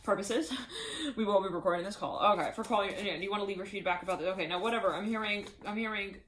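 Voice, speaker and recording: A woman's voice: medium pitch, racing, fairly bright tone, slight background noise. A woman giving a channeled tarot reading, rambling and laughing as she acts out the voices she says she hears. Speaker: tarot reader.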